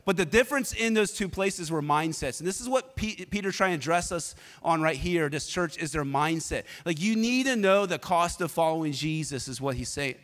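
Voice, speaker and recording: A man with a fairly high voice preaches in a loose, storytelling way, drawing answers from the congregation as he goes. His voice rings out with the long reverb of a church sanctuary. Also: normal speed, hardly any pauses. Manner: energetic, conversational, prompts the congregation to respond. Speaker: pastor. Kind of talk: sermon with personal storytelling.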